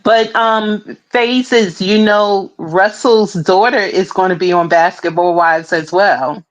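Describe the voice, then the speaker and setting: A woman co-hosting a casual live-stream chat, answering in calm, brief replies. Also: mid-range voice, takes it slowly, rough recording. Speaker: co-host.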